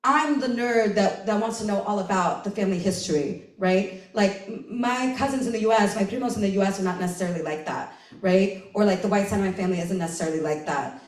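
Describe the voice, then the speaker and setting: A woman from the United States telling a personal story at a live event, chatty and animated, full of "like" and "right?", laughing often. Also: medium pitch, quick pace. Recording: roomy live recording from a distance.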